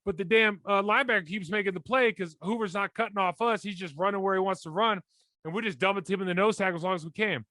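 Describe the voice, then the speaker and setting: A man in his forties talks casually about football as a podcast co-host. He tells stories in a blunt, rambling, animated way. His voice sits high and sounds bright and forceful, recorded dry with no room echo. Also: fast talker. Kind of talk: casual sports chat.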